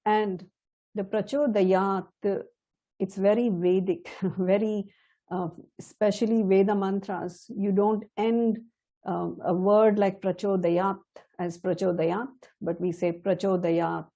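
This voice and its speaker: A middle-aged woman teaching a chant, explaining slowly and carefully, now and then laughing softly. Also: medium pitch, steady tone. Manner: slow, measured and explanatory, with soft laughs. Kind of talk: spoken lesson with chanted demonstrations.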